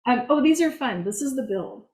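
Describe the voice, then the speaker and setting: A woman's voice: high-pitched, lively intonation, brisk, darkish tone, low-quality recording. Woman, museum director, casual club talk, chatty, laughs a lot, pokes fun at herself. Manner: chatty, self-mocking, laughs often.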